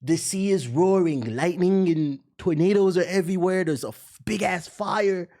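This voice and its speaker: A man's voice: high-pitched, moderate pace, mellow. A young man streamer ranting in casual, profane commentary, now and then mocking voices.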